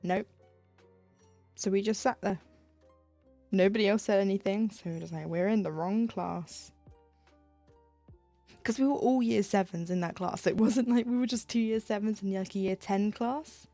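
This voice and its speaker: A young woman tells meandering school stories in a relaxed, casual chat as she stitches on stream. Her voice is mellow and dark with a gravelly edge. Soft music plays faintly behind her. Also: mid-range voice, normal speed, no echo. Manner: rambling storytelling with laughs and self-quoting. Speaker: livestreamer stitching cross-stitch. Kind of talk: casual chat while crafting.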